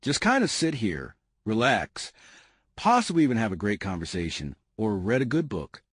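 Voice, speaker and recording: A man's voice: lowish voice, big pitch swings, moderate pace, husky, dry recording, clean studio sound. A man hosting an enthusiastic video tour of a luxury house, pointing out features and calling his viewers family. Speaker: home tour host. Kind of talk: enthusiastic real estate walkthrough. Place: inside a large house.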